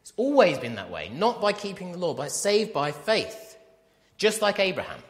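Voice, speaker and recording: Animated male preacher in a reverberant hall. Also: high voice, normal speed. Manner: animated, emphatic, asks the congregation questions. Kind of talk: sermon.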